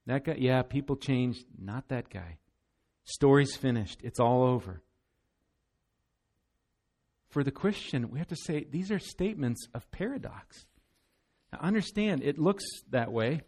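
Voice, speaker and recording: A man's voice: mid-range voice, unhurried, pauses often, darkish tone. Male pastor, sermon delivery, emphatic and earnest, middle-range voice. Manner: earnest, emphatic, often repeats words.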